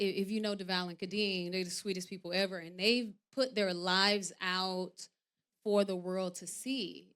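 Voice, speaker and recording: A talk-show guest, a woman actress in her thirties, trades candid stories conversationally. When quoting people she swings widely in pitch and loudness, and when serious she goes soft and low.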